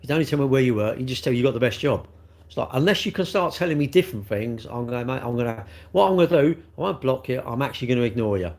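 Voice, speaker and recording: A man's voice: medium pitch, expressive, very fast, a little mellow. A middle-aged man, chatting casually on a live stream and teasing viewers about their comments. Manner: jokey, teasing banter with chat.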